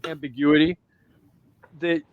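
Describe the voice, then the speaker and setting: A man's voice: fairly high pitch, level tone, measured pace, no room sound, highs cut off. A man co-hosting a casual movie podcast, laid-back and profane, thanking the listeners. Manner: laid-back, profane, talks through restarts. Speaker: podcast co-host.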